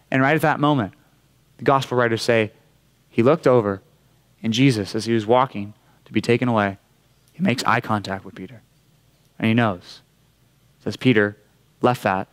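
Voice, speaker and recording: A man preaching a sermon to a youth group, telling a story with lively acted-out quotes. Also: medium pitch, brisk. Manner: animated storyteller, acts out quotes in a raised voice. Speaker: youth pastor. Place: church youth room.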